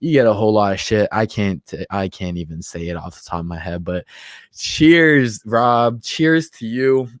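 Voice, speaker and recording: A man's voice: on the low side, lively intonation, moderate pace, no room sound, clean studio sound. A man in his twenties hosting a casual livestream, a bit tipsy, bantering loosely and reading out chat comments. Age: 20s. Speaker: livestream host.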